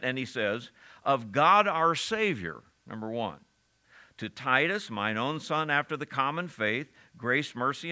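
A man's voice: medium pitch, sharp tone. A man preaching a sermon, reading scripture aloud, asking his listeners questions and chuckling now and then. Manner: asks the congregation questions and reads scripture aloud; chuckles often while preaching.

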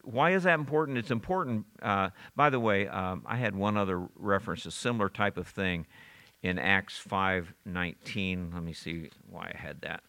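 A man leads a Bible study, moving verse by verse and reasoning aloud. His voice is fairly low yet bright and forward, and he talks conversationally, restarting phrases and quizzing the listeners. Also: normal speed. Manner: conversational, with frequent restarts and audience questions. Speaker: Bible teacher.

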